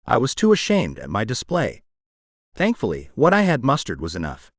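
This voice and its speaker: A man narrating a romance audiobook in the first person, with an emotional, expressive reading. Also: mid-range voice, normal speed, dry recording, studio quality.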